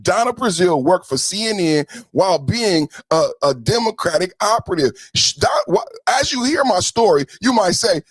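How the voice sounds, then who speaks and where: High-voiced man ranting dry and close. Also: lively intonation, normal speed, hardly any pauses, no room sound, poor audio. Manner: fiery, profane, mocking, sometimes shouting. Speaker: podcast host. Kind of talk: political commentary rant.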